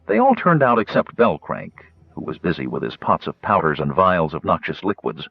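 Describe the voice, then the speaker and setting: A man reading an audiobook as narrator, telling the story in an expressive way. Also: low voice, moderate pace, vocal fry, husky, no echo, dull audio.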